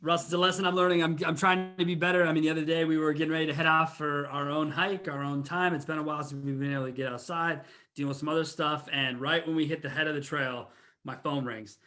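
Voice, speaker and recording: A man's voice: fairly high pitch, fairly even intonation, fast, sharp tone. A man hosting a podcast, talking reflectively and asking long questions. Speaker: podcast host. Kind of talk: interview conversation.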